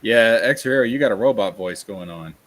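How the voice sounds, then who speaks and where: A man's voice: fairly low pitch, animated, fairly quick, fairly bright tone. A man from Tennessee, chatting casually on a livestream, ranting and reading chat aloud. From Tennessee, USA. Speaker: streamer.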